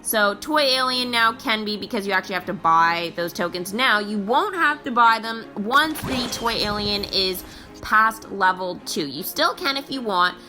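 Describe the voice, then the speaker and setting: A woman gives bubbly, unhurried gameplay commentary in a bright, animated voice that leaps up and down. She sounds excitable and chatty, with soft game music playing behind. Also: on the high side. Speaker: game video host.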